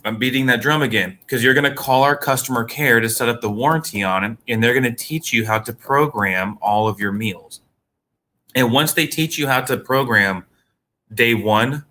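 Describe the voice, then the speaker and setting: A man answering questions in a product training session, speaking casually with frequent restarts. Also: fairly low pitch. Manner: relaxed, conversational, many restarts. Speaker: vendor trainer.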